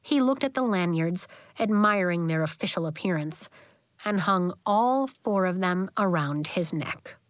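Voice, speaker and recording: A woman narrating a children's novel as an audiobook in a gentle, even storytelling manner. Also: lowish voice, no echo, clean studio sound.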